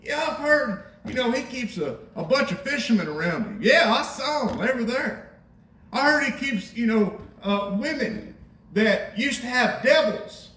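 A preacher doing the voice of a gossipy townsperson, chattering eagerly in a high, bright register, heard from a distance across an echoey church. He acts this out inside his sermon. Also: animated, a little slow, heavily acted. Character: gossiping townsperson spreading news, adult.

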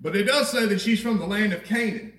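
A man preaching a sermon in a high voice, talking with his congregation and repeating himself for emphasis. His voice comes from some distance and rings through a roomy church. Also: a little fast, a bit bright. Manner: conversational preaching, rhetorical questions, repeats phrases. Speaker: pastor. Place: church sanctuary. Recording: echoey church from a distant mic.

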